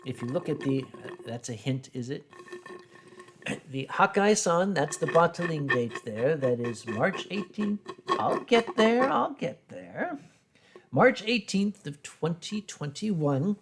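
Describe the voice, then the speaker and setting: A man's voice: a little high, expressive, a little slow, background noise. A man hosting a casual drinking stream, reading out viewer questions and giving short, dry answers. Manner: dry, clipped replies, reads viewer questions. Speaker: host.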